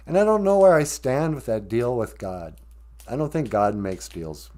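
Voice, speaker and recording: Casting: male live-stream host, casual and rambling, lively pitch that rises and falls a lot. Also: normal speed. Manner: candid and rambling, with frequent self-interrupting asides. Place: at home.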